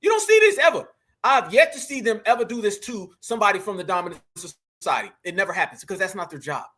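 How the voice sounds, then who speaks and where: Reacting to video clips on his commentary channel, a man talks fast in a high-pitched, animated, sharp voice. He speaks directly and emphatically to viewers, repeats phrases, and treats them as family.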